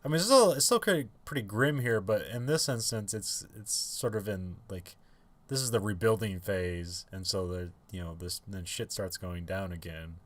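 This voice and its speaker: On the low side and at normal speed, a man co-hosting a podcast rambles through casual chat full of fillers, restarts, and frequent laughter. The recording is dry.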